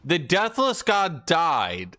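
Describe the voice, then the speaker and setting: Lively, bright-voiced young male streamer. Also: a little high, takes it slowly. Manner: talks to chat, wry, exclaims and trails off. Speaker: game streamer. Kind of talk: casual gameplay commentary.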